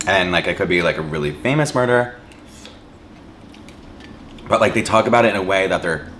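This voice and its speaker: This man talks fairly quickly and animatedly in a low voice with a fairly bright tone, over slight background noise. While eating on camera as a mukbang vlogger, he chats casually, rambling, saying "like" repeatedly, and humming and chewing between lines.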